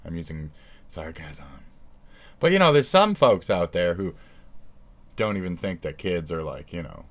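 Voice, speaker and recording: A man livestreaming a profane, sarcastic rant, jumping from loud outbursts to low mumbles. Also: very animated, moderate pace. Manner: profane, sarcastic, swings between shouting and mumbling. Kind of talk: casual stream rant.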